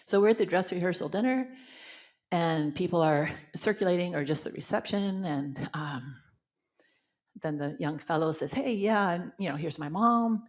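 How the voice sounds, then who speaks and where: A woman's voice: lowish voice, moderate pace. An older woman minister from Canada telling personal stories in a spiritual talk, acting out the voices she quotes, then leading a guided meditation.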